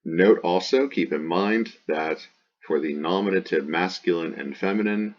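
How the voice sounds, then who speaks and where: A man's voice: low-pitched, moderate pace, highs cut off. A man teaching ancient Greek grammar, chanting word forms in a sing-song and explaining patiently. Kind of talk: recorded grammar lesson.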